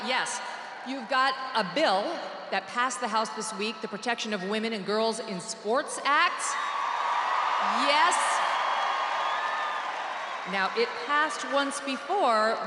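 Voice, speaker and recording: A woman giving a political rally speech, delivering mocking, sarcastic jabs and shouting her applause lines. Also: a little high, slow pace, slight background noise. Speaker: rally speaker. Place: large rally venue. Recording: echoey arena with long reverb.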